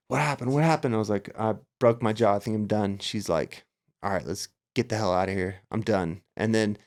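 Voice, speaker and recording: A middle-aged man with a mid-range voice tells a story as a guest on a casual podcast. He talks with lively energy and acts out what he was thinking at the time. His pitch sits right in the ordinary middle for a man. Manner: animated storyteller acting out his own past thoughts. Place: Las Vegas area.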